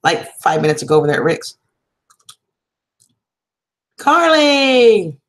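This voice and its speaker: A woman's voice: low-pitched, monotone, very fast. A woman, hosting a casual livestream and chatting affectionately with viewers, calling them sweetheart and hon. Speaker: livestream host.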